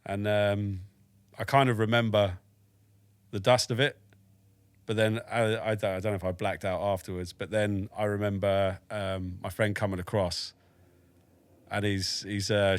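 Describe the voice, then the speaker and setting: A man's voice: on the low side, little pitch movement, unhurried, clean tone. A British man around forty, an army veteran telling a story as a podcast guest in a frank, matter-of-fact way, with dry humour and swearing. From United Kingdom. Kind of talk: casual storytelling in a podcast interview.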